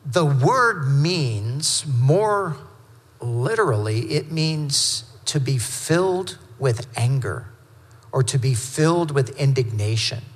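A man preaching a sermon, teaching through scripture verse by verse in a conversational way, with quick asides and self-corrections. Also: medium pitch, animated, breathy edge, long reverb tail. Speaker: pastor.

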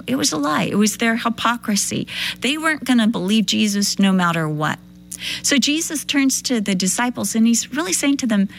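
A woman preaching a sermon with a fairly high voice. She keeps it animated and lively, and she slips into the voices of the people in her story. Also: moderate pace, slight background noise. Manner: animated, acts out quoted voices.

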